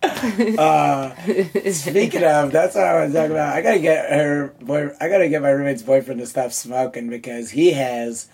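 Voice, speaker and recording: A man's voice: a little high, normal speed, vocal fry, darkish tone, a little hiss or hum. A young man co-hosting a podcast, talking loosely with profane, laughing banter. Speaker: podcast co-host. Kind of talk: casual chat.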